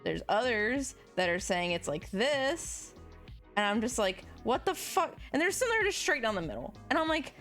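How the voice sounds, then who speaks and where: A woman streamer chatting casually while drawing, rambling and swearing freely, her voice jumping up in pitch now and then. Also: very animated, moderate pace, a bit bright, faint music behind.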